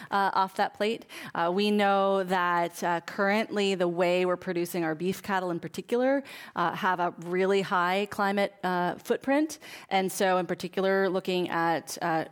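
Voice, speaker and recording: A woman speaking as a guest on a radio show, answering thoughtfully and earnestly about food advocacy, with many fillers and restarts. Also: mid-range voice. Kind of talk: conversational interview answers.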